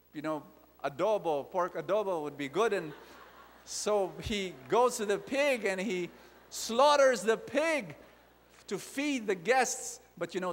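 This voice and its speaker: A man preaching a sermon, animated and repetitive, putting direct questions to the audience. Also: medium pitch. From Philippines. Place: large convention hall. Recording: long reverb of a large hall.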